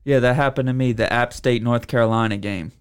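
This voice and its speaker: A man co-hosting a podcast in casual sports chat, telling stories in a relaxed way with casual swearing. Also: medium pitch, a little fast, smooth. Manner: relaxed, laid-back storytelling with casual swearing. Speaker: podcast co-host.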